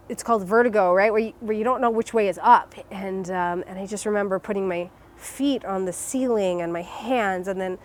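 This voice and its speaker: A young adult woman telling her personal story as an interview guest, emotional and halting, with many restarts and fillers. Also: mid-range voice, fairly bright tone.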